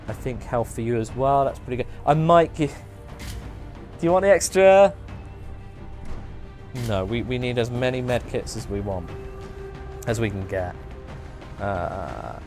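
An English man hosting a gameplay livestream, chatty and excitable, joking with his chat. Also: medium pitch, gravelly. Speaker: livestream host.

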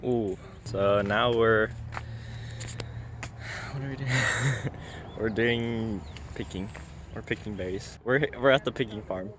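A man's voice: fairly low pitch, takes it slowly, long pauses. A young man in casual vlog chat, goofy and rambling, filming on a handheld camera at an outdoor berry farm. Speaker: vlogger. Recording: noisy outdoor background.

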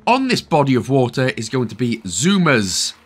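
A man's voice: mid-range voice, big pitch swings, normal speed, husky. A man from Wales with a Welsh accent, giving a chatty, jokey game walkthrough full of rambling asides. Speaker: gaming video host. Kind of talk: casual game walkthrough commentary.

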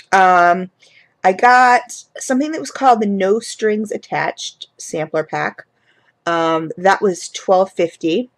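This candle-haul review comes from a chatty vlogger with a medium pitch and vocal fry. She rambles casually, often restarting sentences and leaning on filler words.

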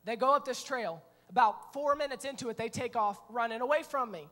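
A middle-aged man preaching a sermon as pastor, telling stories in an animated way and breaking into shouts. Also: extremely high pitch, a little fast. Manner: animated storytelling, acting out scenes, bursts of shouting. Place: church sanctuary. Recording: long reverb of a church hall.

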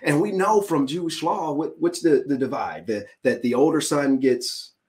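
A man pastor preaching with animated, dramatic energy, his voice sitting fairly high. He thinks aloud, restarting phrases as he drives his points home. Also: moderate pace. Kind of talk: sermon in dialogue with co-pastor.

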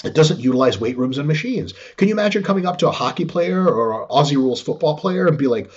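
Husky, animated man swearing freely. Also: fairly high pitch, quick pace. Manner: profane, animated, acts out quotes. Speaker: guest expert. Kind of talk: casual explanatory chat. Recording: dull lo-fi sound.

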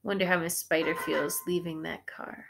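A woman teacher reading a picture book aloud to students and pausing to ask them gentle questions. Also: deep voice, fairly even intonation, vocal fry, noisy background.

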